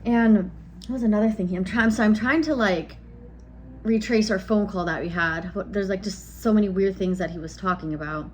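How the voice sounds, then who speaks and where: A woman in her thirties chats through a storytime vlog at a middling pitch, blunt and a little exasperated. She rambles, stops to ask herself what she means, and picks the thread back up. A faint hum of the room sits under her voice. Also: normal speed, a little mellow. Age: 30s. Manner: rambling, frank, loses her train of thought. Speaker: vlogger. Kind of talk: casual storytime chat.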